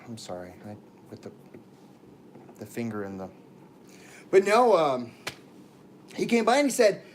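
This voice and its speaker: A man's voice: medium pitch, wildly swooping pitch, unhurried, pauses often, a little hiss or hum. A man telling rambling stories to viewers on a casual livestream, often stopping himself mid-sentence. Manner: rambling, chatty, self-interrupting, talks to viewers. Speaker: live streamer.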